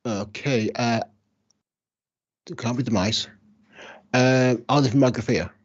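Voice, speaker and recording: A man co-hosting a podcast who mostly chimes in with short agreeing replies and thinks out loud during a quiz. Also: mid-range voice, unhurried. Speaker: podcast co-host. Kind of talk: casual chat. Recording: dull lo-fi sound.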